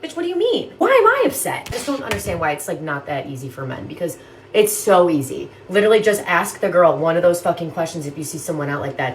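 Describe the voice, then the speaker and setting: A woman's voice: mid-range voice, big pitch swings, a little fast, slight background noise. Exasperated profane woman ranting. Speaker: content creator. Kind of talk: casual rant to camera.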